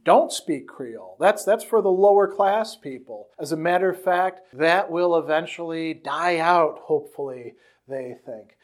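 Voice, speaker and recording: A man giving a lecture, reading passages from a book aloud and explaining them in a conversational way, with restarts and rhetorical questions. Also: on the high side.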